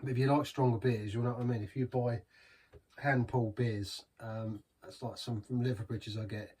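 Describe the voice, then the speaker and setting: Man, casual beer review, rambling, husky, distant mic. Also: medium pitch, fairly even intonation, moderate pace, warm tone. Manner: chatty and rambling, savouring.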